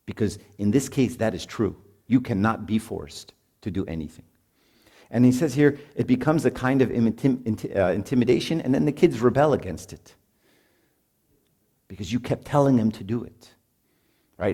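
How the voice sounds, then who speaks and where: A middle-aged man speaking at a marriage retreat gives parents an informal, conversational sermon, often tossing in "right?" and acting out parents and kids. His mid-range voice is expressive, mellow, and husky, at a normal pace.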